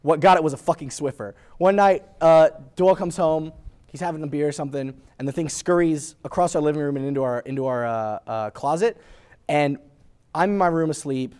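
A man's voice: a little high, a little fast, clean tone. A man co-hosting a podcast, telling a story in casual chat and acting out the people in it. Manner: animated, acts out voices in his story. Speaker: podcast co-host.

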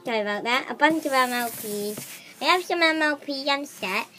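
A woman's voice: sits high, moderate pace, sharp tone, faint music behind. A woman voicing a bubbly, rambling toy-pet girl who hosts the show, recorded in a backyard. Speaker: host. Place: backyard outdoors.

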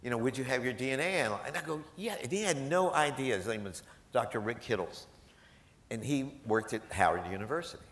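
A man, a professor, telling animated, self-deprecating anecdotes to a live audience and laughing often. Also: medium pitch, fast talker, reverberant. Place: large event hall.

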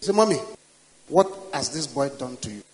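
A man's voice: mid-range voice, animated, a little fast, in a large hall, poor audio. An older man with a Nigerian accent, preaching a sermon and leading prayer with rising, commanding declarations. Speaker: pastor.

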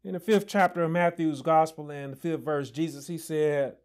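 A male pastor preaching a sermon with passion, often shouting and then dropping to low asides. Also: steady tone, moderate pace, few pauses.

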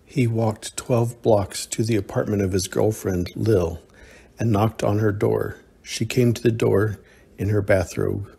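A man narrating a science fiction short story in a measured, steady reading. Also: lowish voice, gravelly, husky.

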